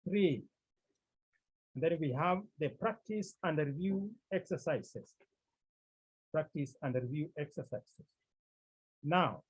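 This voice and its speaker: Slow, husky-voiced male teacher. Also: on the high side, darkish tone, poor audio. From Cameroon. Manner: slow, repetitive explaining. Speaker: Greek teacher. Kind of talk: classroom lecture. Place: classroom.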